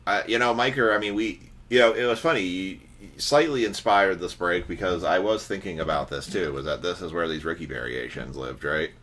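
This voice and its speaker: Deep-voiced joking card-break host. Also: male voice, a little fast, few pauses, fairly bright tone. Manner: joking, teasing, chatty. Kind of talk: casual livestream banter.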